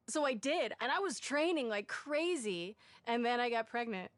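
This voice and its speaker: An actress telling a self-mocking anecdote in an interview, lively and animated. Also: female voice, medium pitch, a little fast, no echo.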